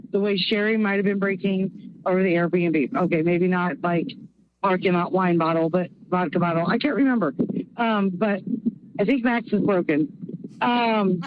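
Chatty Midwestern woman on a phone line. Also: mid-range voice. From Oklahoma. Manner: chatty, rambling, self-mocking. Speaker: caller. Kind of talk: voicemail message.

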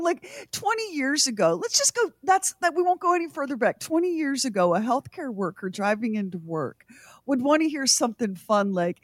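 Teasing radio co-host lady, higher voice, laughs a lot, swings up and down. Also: very animated, a little fast, dry recording, studio quality. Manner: playful, laughs often, teasing. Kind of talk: casual morning radio banter.

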